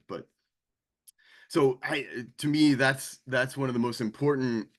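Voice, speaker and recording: A man's voice: mid-range voice, steady tone, a little slow, long pauses. An American man, a mission co-worker, giving a conversational talk full of fillers and restarts. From United States.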